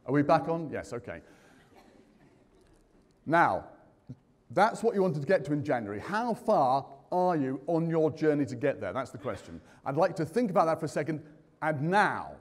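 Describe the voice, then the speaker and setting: Lively man hosting in a big hall. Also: on the high side. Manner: lively, jokey, quizzing the audience. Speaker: conference host. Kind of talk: live conference hosting. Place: large conference hall. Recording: reverberant hall.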